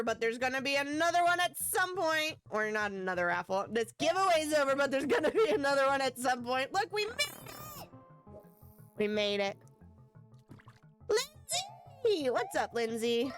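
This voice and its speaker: A woman's voice: sits high, animated, a little fast, few pauses, fairly bright tone, faint music behind. A woman live-streaming a video game, chatting with her viewers and shrieking at close calls. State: tired after work.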